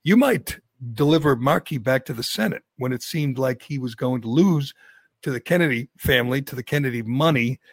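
A middle-aged man with a gravelly voice grumbles through blunt, opinionated talk-show commentary. He sounds like a show regular. The sound is close and dry. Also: mid-range voice, lively intonation, a little fast, no room sound. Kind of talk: casual radio talk.

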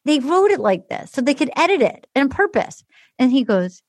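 A woman with a high voice hosts a podcast and recaps in casual, animated chat. She acts out other people's lines as she goes and fills her talk with "like." The sound is close and dry. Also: normal speed, dry recording. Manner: animated storytelling, acting out quotes, heavy use of "like". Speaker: podcast host.

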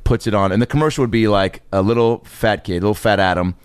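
Guy with a lowish voice rambling thru a comedy bit, dry close sound. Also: fast talker, clean tone, dry recording. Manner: rambling storyteller, acts out voices. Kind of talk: casual comedic chat.

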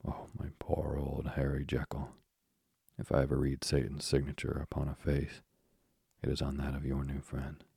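A man voicing an older gentleman lawyer in an audiobook, formal and courteous, in a husky, whispery voice. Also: extremely low pitch, completely flat delivery, normal speed, no echo, clean studio sound, heavily acted. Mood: perplexed. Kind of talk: audiobook character reading.

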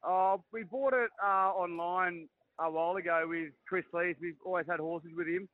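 A man calls in as a guest and talks in a relaxed, easygoing way. His voice is fairly high, and the sound is dry and tinny like a phone line. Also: normal speed, dry recording. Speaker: guest, racehorse co-owner. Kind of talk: casual phone interview.

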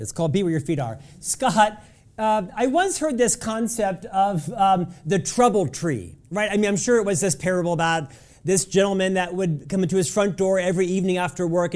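A man's voice: high voice, darkish tone. A man hosting an interview who asks long, rambling questions and often fumbles and restarts them. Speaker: host.

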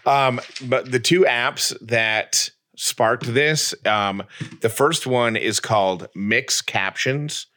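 A man's voice: mid-range voice, slow pace, pushed and bright. A man co-hosting a casual chat podcast, talking in a dry, joking way. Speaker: podcast co-host.

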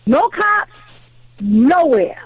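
A woman calling in to a radio show, telling a story in an animated, indignant way over a phone line. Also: sits high, drawn-out words, no echo. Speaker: caller.

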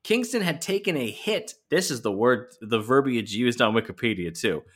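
A man's voice: medium pitch, lively intonation, normal speed, a bit bright, husky. A man co-hosting a podcast, chatting casually and swearing freely while recapping a wrestling show. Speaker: podcast co-host.

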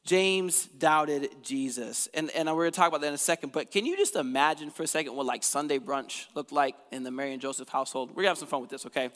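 A male pastor preaching a casual, energetic, conversational sermon to his church. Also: a little high, fast, hardly any pauses, big-room sound.

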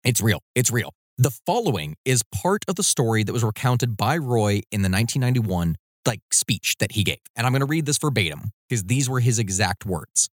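A man's voice: medium pitch, lively intonation, fairly quick, dry recording, studio quality. A man hosting a podcast, telling a history story in a casual, conversational way with loose fillers. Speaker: podcast host.

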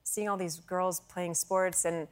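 An actress and comedian chatting as a talk show guest, bubbly and quick to laugh, with lots of restarts. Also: female voice, lowish voice, fairly even intonation. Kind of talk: casual talk show chat.

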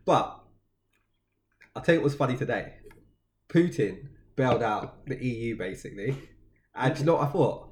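A man co-hosting a podcast in casual chat, explaining things quickly and emphatically. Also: mid-range voice, lively intonation. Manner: fast, emphatic explaining, mocking voices. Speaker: podcast co-host.

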